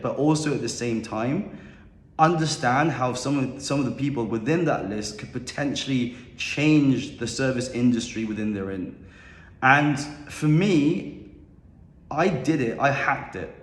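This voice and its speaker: A young man with a mid-pitched voice tells his story in a casual, rambling and confident way. He sounds like he is in a roomy space with a long reverb tail. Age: young adult. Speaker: podcast guest. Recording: echoey room with long reverb.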